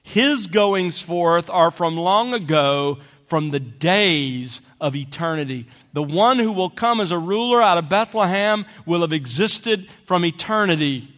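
A male pastor delivers a sermon at an unhurried, deliberate pace, pressing hard on key words. His voice sits high for a man. It carries through a church with a long, ringing reverb. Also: lively intonation, a bit bright. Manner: slow and emphatic, stressing key words.

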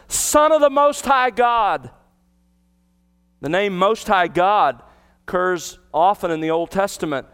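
A man with a high, smooth, resonant voice delivers an expository sermon from the pulpit. He teaches earnestly, retells the scene vividly and asks his listeners rhetorical questions. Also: a bit bright. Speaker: pastor.

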